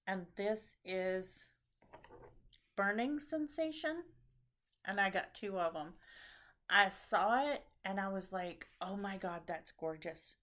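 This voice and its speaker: A woman chatting casually as a knitting show host, tired and a bit scattered. She talks at an unhurried, slow pace, rambling and pausing with ums and restarts. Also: medium pitch. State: tired after a long trip. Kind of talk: casual chat about knitting projects.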